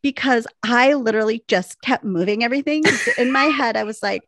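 A woman's voice: a little high, brisk, no echo, studio quality. A woman co-hosting a casual chat, telling a story and acting out what she said back then. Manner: animated, acts out her own past lines.

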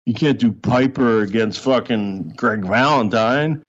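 A man's voice: mid-range voice, unhurried. Foul-mouthed ranting man, dull sound. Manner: foul-mouthed, heated, mocking. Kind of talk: profane ranting chat.

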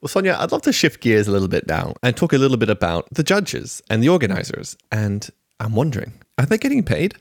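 A man's voice: mid-range voice, very animated, quick pace, few pauses, no echo, studio quality. A man hosting an interview, asking curious questions and steering the conversation. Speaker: interview host.

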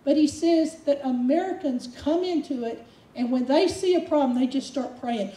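A woman's voice: sits high, moderate pace. A woman preaching a sermon, telling stories and acting out quoted lines with energy. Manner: storytelling, animated quoting. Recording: echoey room, from far off.

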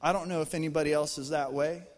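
An American man preaching a sermon as pastor, talking to the congregation in a lively, conversational way with jokes. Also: a little high, fast talker. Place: church auditorium. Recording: long reverb from a church hall.

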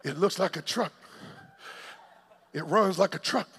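A male preacher with a very high voice and a bright, forceful edge delivers a rhythmic church sermon. His voice is husky and gravelly, and his lines swell toward shouting. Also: unhurried, big-room sound.

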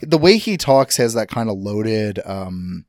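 A man co-hosting a casual podcast chat, talking in a rambling, halting way with many fillers. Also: medium pitch, big pitch swings, no echo, studio quality. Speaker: podcast co-host.

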